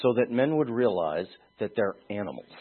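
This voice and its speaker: A man preaching a sermon in an animated way, moving between quiet asides and shouted emphasis, with a husky voice. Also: on the low side, normal speed. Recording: tinny phone-like sound.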